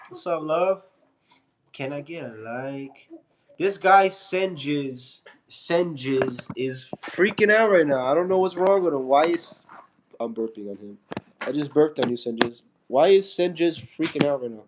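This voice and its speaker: A man's voice: fairly high pitch, animated, measured pace, a little hiss or hum. A man on a casual live stream, reading out viewer comments and answering them loosely and playfully into his phone. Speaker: fitness streamer.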